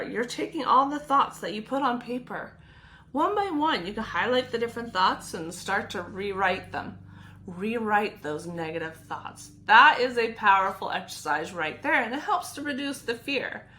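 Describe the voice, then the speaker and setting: A young adult woman, a nurse, giving gentle, reassuring sleep advice and speaking openly about her own past struggles. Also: on the high side, slight background noise. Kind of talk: personal advice talk to camera.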